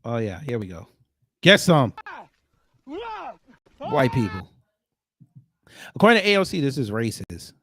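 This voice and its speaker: A man giving casual, joking reaction commentary, animated and sometimes shouting. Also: mid-range voice, normal speed, pauses often.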